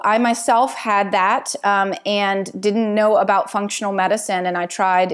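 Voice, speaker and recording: A woman doctor in her thirties hosting her own podcast, answering listener questions in a chatty, friendly way with many fillers. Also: medium pitch.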